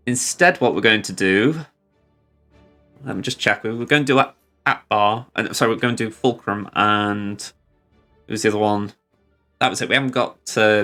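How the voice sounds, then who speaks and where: A man's voice: fairly low pitch, bright, forceful tone. A man streaming a video game, chatting casually about his moves and poking fun at himself. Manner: rambling, self-deprecating, chuckling. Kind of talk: casual gameplay commentary.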